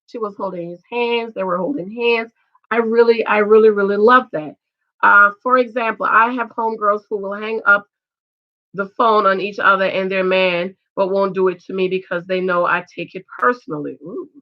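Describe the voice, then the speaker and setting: A middle-aged woman giving loud, emphatic casual commentary on a reality show and reading viewer comments. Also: medium pitch, fairly even intonation, normal speed, lo-fi sound. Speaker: vlogger reviewing a reality show.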